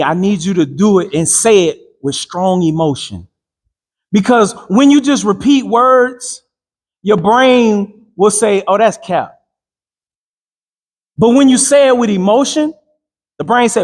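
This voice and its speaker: A man's voice: sits high, lively intonation, unhurried, a little mellow, big-room sound. A man giving a motivational talk to a live group with call-and-response. He speaks emphatically in casual slang and repeats his phrases. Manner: slang-heavy casual speech.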